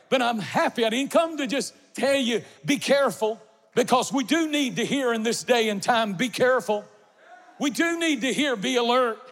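High-voiced man preaching a fervent sermon. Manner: impassioned, swinging from soft to shouted emphasis. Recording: long reverb of a large hall.

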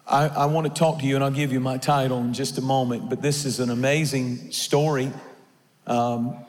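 A man's voice: medium pitch, big-room sound. A male pastor preaching a sermon, emphatic and given to repeating his words as he tells stories.

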